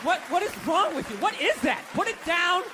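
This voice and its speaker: A man doing a stand-up comedy set, ranting profanely and shouting his punchlines with incredulous disbelief. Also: extremely high pitch, very animated, normal speed. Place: comedy club stage with audience. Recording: live stand-up with crowd noise. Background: audience laughter.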